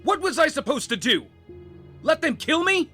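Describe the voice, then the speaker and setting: A man voicing an earnest young male archer hero who speaks plainly and shouts when pushed. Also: medium pitch, moderate pace, soft background music, lightly acted. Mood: angry. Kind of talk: fan audio drama.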